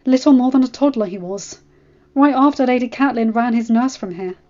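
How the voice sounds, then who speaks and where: A woman voicing a kindly castle cook who tells things in a warm, gossipy, storytelling manner. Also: on the high side, brisk, lo-fi sound, pitched above the performer's own voice, lightly acted. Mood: fond.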